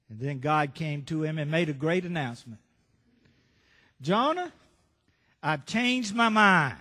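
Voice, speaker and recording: A man's voice: sits high, a bit bright. A male pastor preaching a sermon, telling Bible stories and asking the congregation rhetorical questions. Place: church sanctuary. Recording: reverberant church hall.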